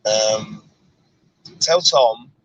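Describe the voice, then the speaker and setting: A man's voice: on the low side, extremely slow, a little hiss or hum, poor audio. A male host on a live stream in a moving car, reading viewer comments aloud in an easygoing way. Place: inside a moving car on a road trip.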